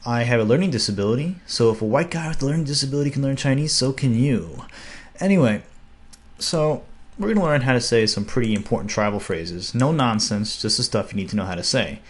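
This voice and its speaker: A man's voice: medium pitch, animated, husky. Upbeat man teaching a language lesson. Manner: upbeat, slows down to spell out words. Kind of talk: casual video lesson.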